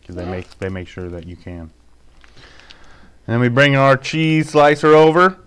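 A man in his thirties hosts a loose home vlog with his kids. He talks in a relaxed, joking way and swears casually. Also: medium pitch, normal speed, background noise. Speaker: YouTube reviewer, father.

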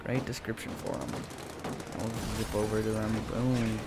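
A man's voice: lowish voice, normal speed, vocal fry, heavy background noise. Chatty man narrating his gameplay. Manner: chatty, casual and excitable. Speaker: gameplay commentator. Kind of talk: let's play commentary.

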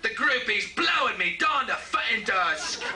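A man's voice: high voice, very animated, measured pace, roomy sound, heavy background noise, voice pushed up. A man voicing a burned-out rock star who whines and complains, in a live comedy set. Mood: whiny. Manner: whining, complaining. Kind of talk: stand-up comedy impression. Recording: distant live club recording, loud crowd.

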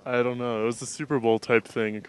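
A man's voice: mid-range voice, steady tone, fast talker, smooth, no echo. A male student answering questions casually and a little unsure of himself. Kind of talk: casual chat.

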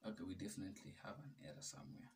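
A man hosting a casual coding tutorial, chatty and relaxed, laughing at his own mistakes. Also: fairly low pitch, racing, vocal fry, recorded from a distance.

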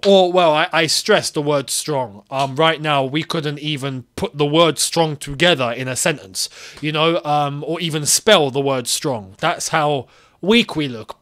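A man hosting his own football channel, ranting in an animated, exasperated way and firing off rhetorical questions. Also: on the high side. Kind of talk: solo football opinion vlog.

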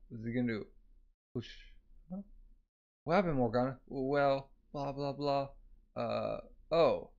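Dude reading a manga out loud, says all the sound effects, lots of "like", muffled lo-fi mic. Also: male voice, medium pitch, a little slow, gravelly, long pauses. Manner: reads sound effects aloud, filler "like". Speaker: manga reader. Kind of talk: casual reading of a comic aloud. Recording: dull lo-fi recording.

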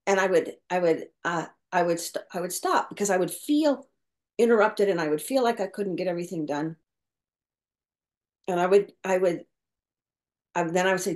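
Pausing at length, a caregiver coach talks thoughtfully about caregiving during an interview, her medium-pitched voice at a moderate pace. This middle-aged woman frequently restarts sentences and repeats words as she works through her ideas.

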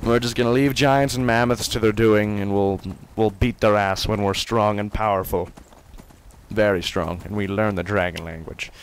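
A man doing let's play commentary, swinging from excited yelling and taunts to quiet muttering. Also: on the low side, moderate pace, slight background noise. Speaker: gamer.

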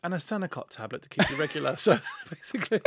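A man's voice: on the high side, expressive, fast talker, a bit bright, husky. A man co-hosting a podcast in a studio, teasing and bantering in a camp, playful way. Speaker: podcast co-host. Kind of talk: camp comedic chat.

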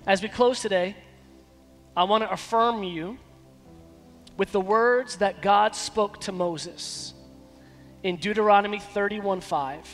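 A man preaching a sermon as pastor, emphatic, with dramatic pauses. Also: high voice, a bit bright, in a large hall, faint music behind. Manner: acts out quoted dialogue in shifting voices. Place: church sanctuary.

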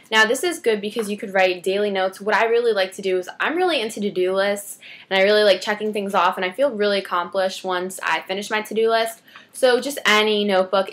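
A woman's voice: mid-range voice, fairly bright tone. Teenage girl, chatty beauty vlogger, rambling asides, casual to camera. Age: teens.

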